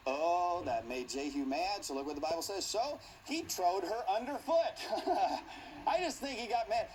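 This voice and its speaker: Bible teacher, animated classroom storytelling, theatrical, laughs often, very lively pitch, faint hiss. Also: normal speed. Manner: playful, acts out scenes, laughs often.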